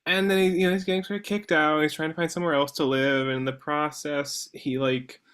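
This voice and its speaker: A man's voice: on the high side, flat delivery, fast talker, a bit bright, clean tone. Rambling man in casual book chat. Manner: rambling, many fillers and restarts. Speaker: book discussion participant.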